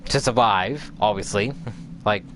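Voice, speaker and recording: Brief: male gaming host, low voice, rambling casual recap, faint background noise. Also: unhurried, fairly bright tone. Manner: rambling, repeats filler words while recalling. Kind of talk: casual game story recap.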